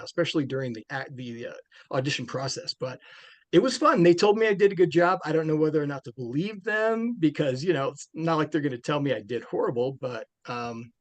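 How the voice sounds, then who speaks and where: A man's voice: on the high side, brisk, no room sound. A man, a film director being interviewed, talking casually and rambling with many restarts and fillers.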